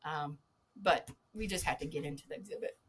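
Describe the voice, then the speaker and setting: A woman's voice: low-pitched, fairly quick, a bit bright, a little hiss or hum. A woman guest on a podcast, a former zookeeper telling a casual anecdote, swearing freely and laughing often.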